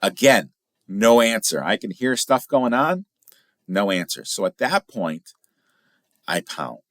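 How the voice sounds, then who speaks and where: A middle-aged man from Illinois hosting a casual podcast as a firearms instructor, telling stories in a chatty, animated way with big jumps in pitch for emphasis. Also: takes it slowly. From Illinois, USA.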